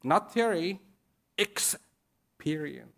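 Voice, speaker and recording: A man giving a speech to an audience, slow and deliberate, pausing between short phrases and repeating key words for emphasis. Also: fairly high pitch, animated, gravelly, a bit bright. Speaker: invited speaker. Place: event at a large international venue.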